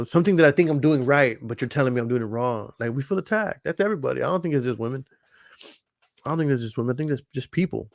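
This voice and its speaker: This podcast host talks in a mid-range male voice, captured at studio quality without any echo. His chat is loose and profane, wandering from point to point, and he keeps tossing in "you know what I'm saying" to make sure listeners are with him.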